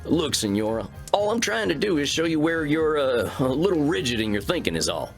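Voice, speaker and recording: Drawling Southern cowboy vampire therapist, easygoing, animated pitch, music behind. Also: male voice, brisk, gravelly. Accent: Southern American. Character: laid-back cowboy vampire therapist man. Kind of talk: video game voice acting.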